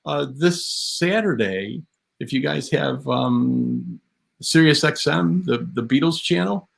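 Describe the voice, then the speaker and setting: A man from Buffalo, a drum historian guest, explaining in a halting way with many fillers. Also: mid-range voice, lively intonation, creaky. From Buffalo, USA. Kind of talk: casual chat.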